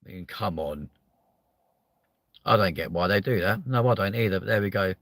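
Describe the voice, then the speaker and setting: A man, hosting a live chat show with loud, sweary, joking banter. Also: low voice, lively intonation, moderate pace, heavy background noise. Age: 30s.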